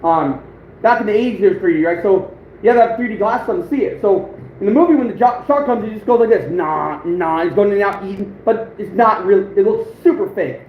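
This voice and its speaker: A man in his thirties rambles through a loose livestream chat, chuckling as he goes. His voice sits high for a man. The sound comes through thin and phone-like, with a roomy echo and a faint hiss. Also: quick pace. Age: 30s. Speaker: outdoors livestream host. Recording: phone-like echoey room with faint noise.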